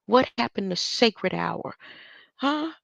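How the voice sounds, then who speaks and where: A woman's voice: fairly high pitch, animated, takes it slowly, gravelly, fairly bright tone, dry recording. A woman giving conspiratorial commentary on a speech, talking back to it with rhetorical questions. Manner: asks rhetorical questions, talks back to the clip. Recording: dull lo-fi dry recording.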